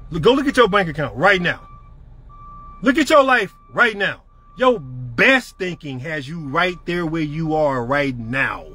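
A man's voice: sits high, pushed and bright. A middle-aged man giving a profane, emphatic motivational rant to his network marketing team.

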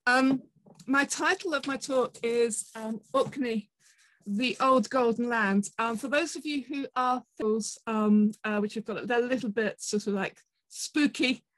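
A woman from southern England with a Portsmouth accent, giving a conference talk in a chatty way, often pausing on ums and restarting. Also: on the high side, no echo, poor audio. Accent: Portsmouth English. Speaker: conference speaker. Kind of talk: presentation talk.

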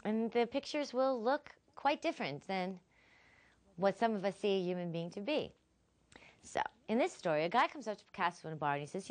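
Animated woman lecturing on philosophy. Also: mid-range voice, brisk. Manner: expressive, animated storyteller. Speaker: college philosophy instructor. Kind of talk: recorded lecture with storytelling.

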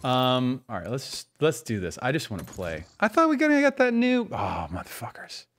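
A man's voice: mid-range voice, wildly swooping pitch, normal speed, a bit bright. A man in his forties streaming a shooter game from a room at home, chatting casually, mocking himself and swearing often. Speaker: livestreamer playing a shooter game. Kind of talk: casual gameplay commentary.

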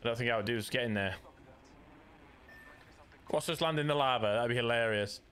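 Brisk and fairly bright, this medium-pitched man from Yorkshire, England, banters while gaming on stream, cracking jokes and fumbling restarts. There's slight background noise.

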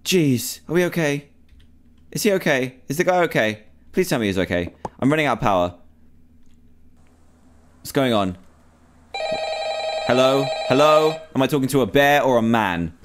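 A man's voice: mid-range voice, expressive, moderate pace, pauses often. Panicky man playing a horror game. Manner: panicky, pleading, talking to himself, repeating lines. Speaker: gamer.

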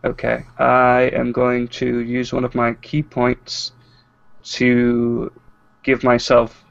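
A man's voice: medium pitch, monotone, slow pace, creaky, dry recording, highs cut off. A man playing in an online tabletop game, talking hesitantly with many fillers. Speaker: player.

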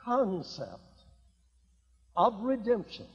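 An older man preaching a sermon, swinging between quiet asides and loud emphatic declarations and repeating key lines. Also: sits high, big pitch swings, drawn-out words, slightly rough. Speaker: evangelist. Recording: dull lo-fi recording in a reverberant hall.

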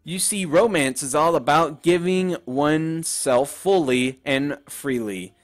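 Posh dramatic female pony, voiced by a man: refined, theatrical, lifted pitch, unhurried. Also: faint music behind. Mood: haughty. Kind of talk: reading game dialogue aloud.

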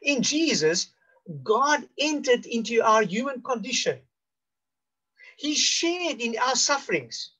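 Slow-preaching South African male pastor. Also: very high-pitched, big pitch swings. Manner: slow, deliberate preaching with emphatic rises and hushed drops. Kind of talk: sermon.

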